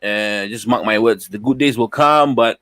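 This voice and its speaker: A man with a Malaysian accent hosting a casual football fan review, chatty and upbeat with many pauses. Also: lowish voice, a bit bright. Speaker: football fan show host.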